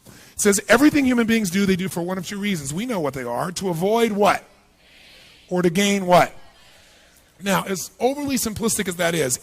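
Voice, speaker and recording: A man giving a live motivational seminar, energetic and punchy, constantly quizzing the audience with questions. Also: high-pitched. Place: large seminar hall with thousands present.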